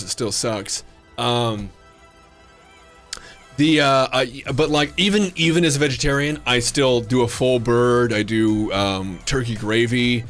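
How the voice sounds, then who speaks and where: A man's voice: medium pitch, a bit bright. A man streaming a game live, chatting casually with viewers in a jokey, rambling, playfully flirtatious way. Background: faint background music.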